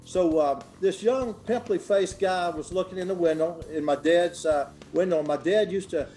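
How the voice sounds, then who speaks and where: Older man, folksy chatty guest, mellow voice, soft music behind. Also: sits high, moderate pace. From Memphis, Tennessee. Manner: folksy, chatty, many fillers and restarts. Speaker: guest clothier. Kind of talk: casual storytelling interview.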